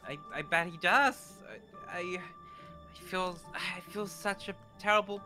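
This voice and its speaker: A flustered, stammering man speaking in character for a Minecraft roleplay, tripping over his words. His tone is bright and forceful. Faint music runs underneath. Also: high voice, fairly even intonation, measured pace. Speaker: roleplay player.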